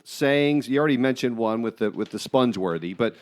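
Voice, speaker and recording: A man's voice: medium pitch, expressive, fairly quick, darkish tone. A man hosting a podcast, steering a loose, unrehearsed chat and handing turns to his guests. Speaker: podcast host.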